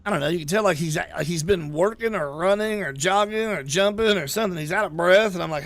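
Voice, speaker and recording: High-voiced man telling a heated story. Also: fast talker, fairly bright tone, no room sound. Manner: heated, swears a lot, retells quarrels. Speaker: livestreamer. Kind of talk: casual profane storytelling.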